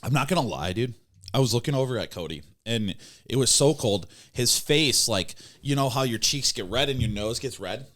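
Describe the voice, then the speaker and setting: A man's voice: mid-range voice, lively intonation, moderate pace, a bit bright. A worn-out man co-hosting a podcast, joking around in casual banter. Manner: laid-back, joking, says "dude" a lot. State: tired, worn out. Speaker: podcast co-host.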